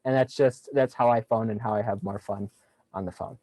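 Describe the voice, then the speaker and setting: A man's voice: on the low side, fairly even intonation, fairly quick, warm tone, no echo, poor audio. A young man giving a casual sales training talk on a video call, upbeat and jokey, acting out phone lines as he explains them.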